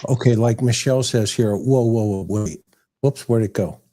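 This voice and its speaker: A man's voice: on the low side, mellow. Man hosting a casual livestream chat. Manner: quick interjections, eager questions. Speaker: host.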